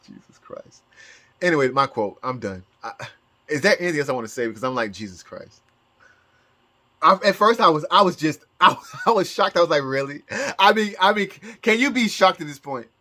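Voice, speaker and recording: A man's voice: fairly high pitch, animated, fairly quick, bright, forceful tone. A man talking in a casual vlog as a psychic, rambling with many restarts and bursts of laughter. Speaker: psychic YouTuber.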